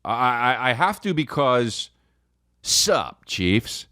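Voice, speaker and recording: A man's voice: medium pitch, sing-song, slow pace, bright, forceful tone, no room sound, clean studio sound. A man in his forties hosting a podcast, rambling through a comedic monologue and slipping into silly voices. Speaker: podcast host.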